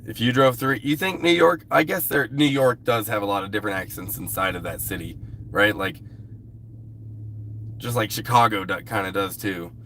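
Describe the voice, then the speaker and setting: A man talks to his livestream viewers in a somewhat low voice. He rambles in a loose, easygoing way and swears offhandedly. A faint background hiss runs under the speech. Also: normal speed, fairly bright tone. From US West Coast. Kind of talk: casual live-stream chat with viewers.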